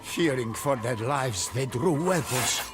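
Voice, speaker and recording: A man giving scripted, measured story narration for a game cutscene. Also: mid-range voice, lively intonation, loud music behind the voice.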